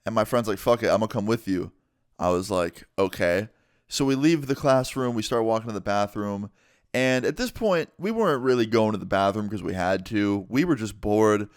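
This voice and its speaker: Young male vlogger, low voice, dry close sound, loose casual storytelling. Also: animated, normal speed, smooth, no room sound. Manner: casual, swears freely, lots of "like".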